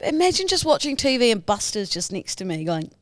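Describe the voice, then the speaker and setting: A woman's voice: on the high side, big pitch swings, brisk, no echo. Chatty New Zealand woman. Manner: chatty, laughing, snorts. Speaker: podcast co-host. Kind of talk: casual chat.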